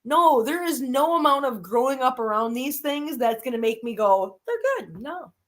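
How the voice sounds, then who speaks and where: A woman hosting a live stream, chatting casually with viewers and telling stories animatedly, swinging from low grumbles to high squeals. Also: moderate pace.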